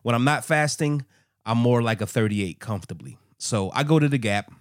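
A man's voice: mid-range voice, normal speed, no echo, clean studio sound. A man co-hosting a podcast, telling stories in a loose, rambling way with lots of fillers. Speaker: podcast co-host. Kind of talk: casual chat.

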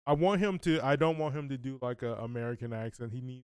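A man's voice: medium pitch, fast, a little mellow, clear, resonant tone, dry recording, clean studio sound. A man co-hosting a podcast in casual chat, enthusiastic and swearing freely. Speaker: podcast co-host.

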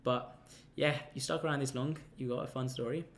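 A young man telling a casual anecdote, rambling and halting with many restarts and fillers. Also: medium pitch, steady tone. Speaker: storyteller.

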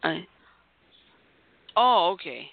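A chatty podcast host runs a word game and calls on the players one by one. The voice is unhurried and gravelly, and its pitch rises and falls in wide swings. It comes through a thin, tinny, phone-like line. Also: very animated, dry recording. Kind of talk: casual podcast game hosting.

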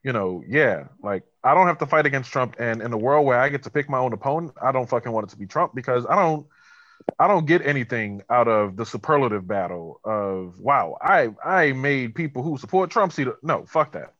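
A man's voice: mid-range voice, lively intonation, a little fast, a bit bright, no room sound. Blunt man on a dull, dry recording. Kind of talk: casual chat.

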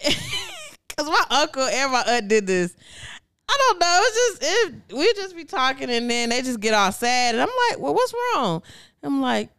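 A woman's voice: sits high, normal speed, clear, resonant tone, no room sound, clean studio sound. A woman co-hosting a podcast in casual chat, telling stories animatedly and quoting people in put-on voices. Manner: animated storytelling, quotes people in put-on voices, laughs often. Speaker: podcast co-host.

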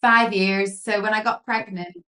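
A woman guest chatting in an interview, telling lively stories full of fillers and acting out what people said. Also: medium pitch, moderate pace. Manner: lively storyteller, many fillers, acts out quotes. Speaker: guest, pageant queen and photographer. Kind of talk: casual interview chat.

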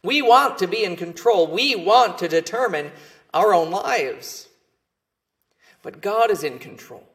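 A male pastor preaching with a somewhat high voice. He speaks earnestly and stresses his key words, letting the ends of his phrases drop off quietly. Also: lively intonation, measured pace. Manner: earnest, emphatic preaching with falling phrase endings. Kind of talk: sermon.

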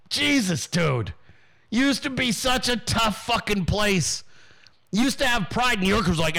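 A man's voice: high voice, lively intonation, unhurried, vocal fry, bright, forceful tone. A male podcast host in a profane, mocking rant, often mimicking imagined people.

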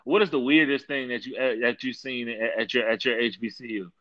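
A man's voice: medium pitch, brisk, dry recording, highs cut off. A man in casual chat, telling stories with lots of laughter and repeated slang. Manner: animated storyteller, says "dog" often, laughs while telling.

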